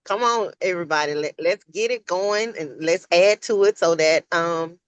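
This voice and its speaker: A woman cheers on her colleagues during a team video call, casual and upbeat. Her voice is mid-pitched and sounds dry and close, with no room echo. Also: moderate pace, few pauses, clear, resonant tone. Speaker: team member on a sales call.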